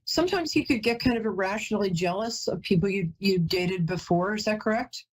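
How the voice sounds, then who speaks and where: Husky chatty woman psychic. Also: mid-range voice, a little fast, poor audio. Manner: chatty, emotional, often breaks off and apologizes. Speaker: psychic medium host. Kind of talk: live call-in psychic reading.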